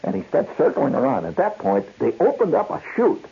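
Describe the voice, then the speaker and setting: A man hosting a radio show, telling a story in an animated way, acting out voices and sounds and laughing often. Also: fairly high pitch, brisk, vocal fry, husky. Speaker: radio host. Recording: dull lo-fi 1970s radio broadcast with hiss.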